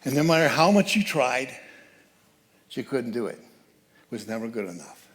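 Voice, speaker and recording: A man's voice: mid-range voice, moderate pace. Man telling a story in a sermon. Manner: animated storyteller, acts out quoted voices. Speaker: guest speaker. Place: church sanctuary.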